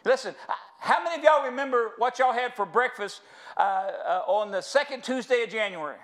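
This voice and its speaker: High-voiced folksy American preacher man. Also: fairly quick, fairly bright tone. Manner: folksy, storytelling, addresses congregation as y'all. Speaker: pastor. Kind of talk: sermon with humor. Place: church sanctuary.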